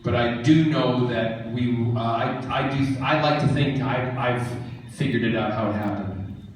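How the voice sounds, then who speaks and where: A man answering fans' questions at a convention panel, joking and animated. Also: medium pitch, measured pace, recorded from a distance, a little hiss or hum. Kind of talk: casual Q&A with fans. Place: large convention hall. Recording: echoey hall, mic from afar.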